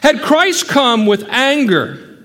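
A man preaching a sermon, emphatic, with rhetorical questions and sudden drops into hushed, quiet passages. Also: very high voice, big pitch swings, slow, big-room sound. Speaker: pastor.

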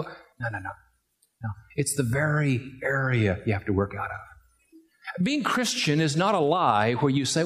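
A man's voice: a little high, expressive, normal speed. A middle-aged man preaching a sermon, telling a family story and building to emphatic rising peaks. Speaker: pastor.

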